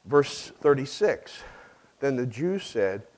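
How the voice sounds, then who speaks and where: A man's voice: medium pitch, expressive, unhurried, low-quality recording. A man preaching an expository sermon in an earnest way, asking rhetorical questions and repeating phrases for emphasis. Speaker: pastor.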